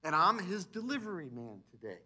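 Animated high-voiced male pastor preaching. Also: brisk. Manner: animated, swinging between loud emphasis and quiet asides. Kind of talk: sermon. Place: church sanctuary.

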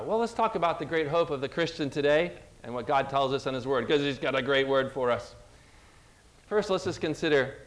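A man preaching an earnest, heartfelt sermon, speaking warmly and personally as he retells scripture. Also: on the high side. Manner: earnest, emotional, retelling scripture with acted quotes.

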